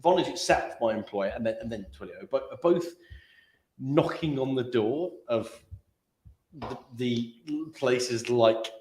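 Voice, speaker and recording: A man in a meeting room, chatting casually about tech in a rambling, playful way full of halting restarts. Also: medium pitch, darkish tone. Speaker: guest, tech industry worker. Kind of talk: casual chat.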